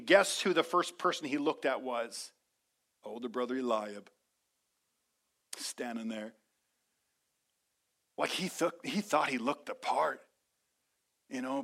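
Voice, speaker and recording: An energetic male pastor preaching in church with a high, bright voice. He talks emphatically and leans on call-and-response. The delivery stays lively and direct. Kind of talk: sermon.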